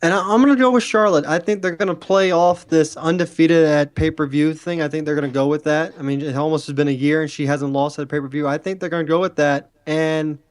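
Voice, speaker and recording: A man co-hosts a wrestling podcast with a playful, chatty manner. His voice sits a little high for a man. The recording is dry and close. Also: fairly even intonation, quick pace, hardly any pauses, no room sound. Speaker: podcast co-host. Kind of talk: casual wrestling talk.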